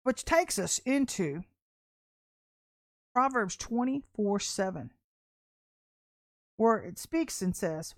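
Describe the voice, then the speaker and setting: A woman's voice: medium pitch, sing-song, slow pace, pauses often. A woman preacher giving a prophetic sermon in a blunt, confrontational and colloquial way.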